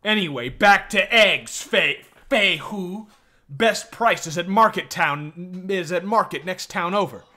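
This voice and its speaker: A man voicing a pushy, bossy middle-aged woman shopkeeper in loud, clipped, broken English. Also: high voice, measured pace, pitched above the performer's own voice. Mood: bossy, insistent.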